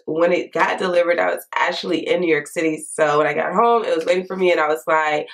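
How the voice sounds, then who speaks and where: A hoarse, congested woman, chatting frankly to camera in a casual makeup review. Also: on the low side, fast, few pauses. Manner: chatty, frank, lively asides. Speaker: beauty vlogger.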